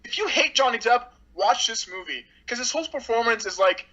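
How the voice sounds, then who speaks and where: A woman's voice: fairly high pitch, expressive, a little fast, pushed and bright, highs cut off. A woman reviewing a movie in casual chat, blunt and sarcastic, with lots of "like".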